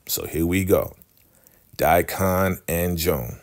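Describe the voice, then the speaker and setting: A man's voice: rumbling low, measured pace. A man casually recapping a TV episode, animatedly acting out the characters' lines. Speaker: TV recap vlogger.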